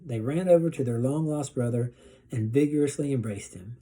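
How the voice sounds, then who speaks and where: A male teacher reading a children's storybook aloud in a steady, gently expressive way. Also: mid-range voice, fairly quick.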